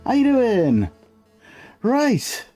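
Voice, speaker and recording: A man's voice: extremely high pitch, wildly swooping pitch, drawn-out words, warm tone, soft background music. A man live-streaming a video game, chatting in a rambling, scatterbrained way and greeting viewers. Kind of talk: live-stream gameplay chat.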